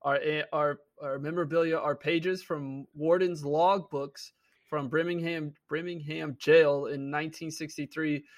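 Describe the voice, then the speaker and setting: A man's voice: a little high, steady tone, unhurried. A man co-hosting a casual podcast, reading out a post in a matter-of-fact way. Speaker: podcast co-host.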